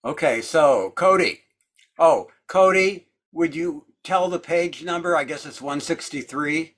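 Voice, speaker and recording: A man's voice: a little high, unhurried, fairly bright tone. A man who leads a discussion group, chatting in a rambling way with lots of fillers during a casual group video call.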